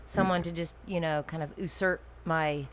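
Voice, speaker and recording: Soft-spoken, hesitant woman guest. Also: sits low, steady tone, measured pace. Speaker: podcast guest. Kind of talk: casual conversation.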